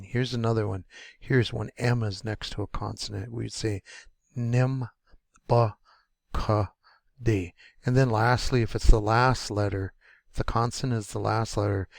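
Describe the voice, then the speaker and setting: Guy with a gravelly voice, slow careful syllable drills, dry sound. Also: on the low side, no echo. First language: English. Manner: slow, repeating words syllable by syllable. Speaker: language teacher. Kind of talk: pronunciation lesson.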